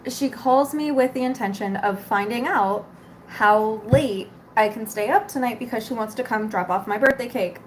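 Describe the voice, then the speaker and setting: A woman's voice: a little high, moderate pace, slight background noise. A young woman vlogger ranting casually to camera, exasperated, swearing and rambling.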